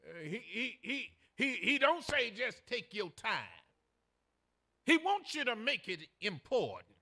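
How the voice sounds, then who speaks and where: An older male pastor, preaching a sermon in a folksy storytelling manner that builds to shouted emphasis. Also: very high voice, big pitch swings, a little slow.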